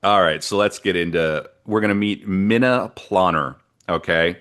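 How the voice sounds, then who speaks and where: A man's voice: low voice, moderate pace, a bit bright. A man co-hosting a history podcast, telling the story in a chatty, rambling way with asides and bits read from his notes. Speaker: podcast co-host presenting the history. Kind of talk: casual history podcast narration.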